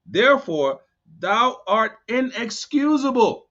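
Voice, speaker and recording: Male bible study teacher, animated and higher-pitched, muffled lo-fi recording. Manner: reads verses slowly, then riffs in animated street talk. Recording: dull lo-fi sound.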